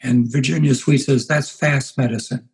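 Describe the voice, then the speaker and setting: Guy in his 80s, pastor telling slow stories in an interview, average pitch. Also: fairly even intonation, gravelly, poor audio. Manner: unhurried, anecdotal, puts on voices for quoted people. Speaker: guest, pastor. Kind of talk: reflective interview storytelling.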